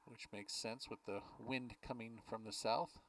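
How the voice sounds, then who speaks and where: A man calls a baseball game pitch by pitch in an easygoing, chatty way, filling the gaps between pitches with schedule notes and small remarks. His voice sits at an ordinary middle pitch for a man. The mic picks him up from a little way off. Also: steady tone, unhurried, distant mic, poor audio. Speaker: play-by-play announcer. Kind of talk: baseball play-by-play commentary.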